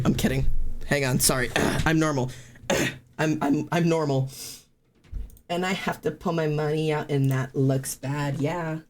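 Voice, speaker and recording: A streamer chatting casually and loudly to live viewers, rambling and poking fun at themself. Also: mid-range voice, steady tone, a little slow, a little hiss or hum. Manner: loud, rambling and self-mocking. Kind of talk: casual livestream chat to viewers.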